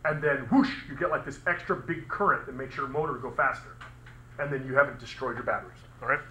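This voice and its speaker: In an echoey classroom, a man with a medium-pitched, bright, forceful voice lectures on physics at a quick pace, with a little hiss or hum in the recording. His style is casual and chatty as he quizzes students and adds sound effects.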